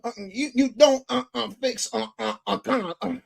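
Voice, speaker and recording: A man's voice: very high-pitched, vocal fry, breathy edge, exaggerated voice. A man mimicking a male radio host who stumbles and stutters through reading a script aloud. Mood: fumbling. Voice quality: halting, stuttering, drawn-out fillers.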